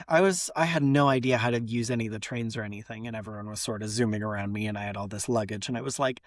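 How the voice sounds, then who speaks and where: A woman's voice: rumbling low, fast talker, no room sound, studio quality. An American woman co-hosting a podcast, chatting casually and telling stories with lots of put-on voices. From United States. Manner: animated storyteller, slips into voices. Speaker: podcast co-host. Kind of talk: casual chat. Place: lives in London.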